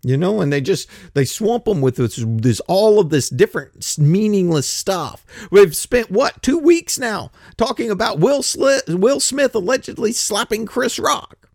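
A man's voice: sits high, animated, measured pace, creaky, a little mellow, no echo, studio quality. An older man, giving a blunt, grumpy monologue that swears freely and acts out other people's voices. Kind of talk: ranting monologue.

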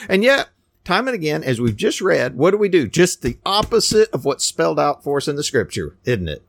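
A man preaching a fiery sermon with a lively, swinging pitch. He talks in a scornful, animated way that climbs toward near shouts. The sound is dry and close, with no room echo. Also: fairly quick, gravelly.

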